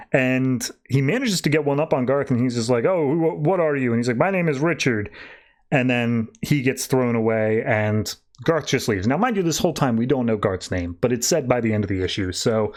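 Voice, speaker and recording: A man's voice: mid-range voice, a little fast, few pauses. A male podcast host loosely retelling a comic book story in casual chat, paraphrasing the characters as he goes.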